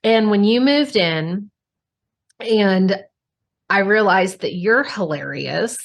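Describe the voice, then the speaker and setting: A woman's voice: medium pitch, animated, slow pace, creaky. A woman hosting a podcast, talking frankly and expressively, swearing casually and speaking straight to her listeners. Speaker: podcast host. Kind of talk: candid conversational podcast talk.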